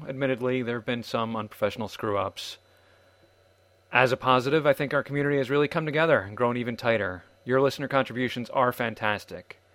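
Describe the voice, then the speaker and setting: A man hosts a podcast in a wry, self-deprecating read. His voice sits at a middle pitch and is recorded dry and close, with no room sound. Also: a bit bright, no room sound. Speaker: podcast host. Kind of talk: scripted podcast narration.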